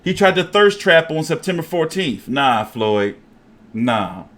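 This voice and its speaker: A man hosting a casual boxing show, talking in an animated, profane, jokey way. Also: a little high, measured pace.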